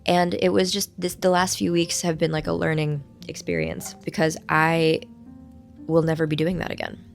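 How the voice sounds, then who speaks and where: A woman hosting a casual vlog from a hotel room, her voice hoarse while it recovers, chatting in a playful, rambling, self-mocking way. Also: deep voice, moderate pace, faint music behind. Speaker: vlog host. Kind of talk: casual chat to camera.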